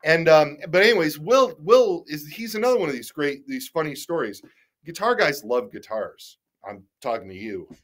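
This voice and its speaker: Speaking at a moderate pace in a somewhat high, expressive and fairly bright voice, a middle-aged male guest tells rambling stories in a casual interview. He is candid and self-deprecating, stammers and restarts frequently, and swears casually.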